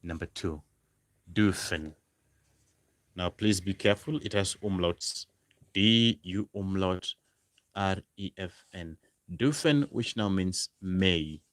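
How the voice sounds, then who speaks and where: A man with a very low, deep voice teaches a language lesson at an unhurried pace. He drills example phrases word by word, lifting his pitch to stress each one. The recording is close and dry. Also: no echo. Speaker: German language tutor. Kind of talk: slow, repetitive language lesson.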